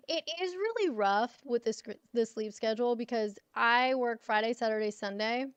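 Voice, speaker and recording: A woman's voice: on the high side, no echo. A tired woman in her thirties chatting casually to friends on a livestream, affectionate and swearing freely.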